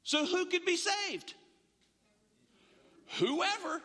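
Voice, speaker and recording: A male pastor delivers a sermon with a very high, bright and forceful voice. He is emphatic and stacks repeated words as he drives each point home. The sound carries a long reverb from a large hall. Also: extremely slow.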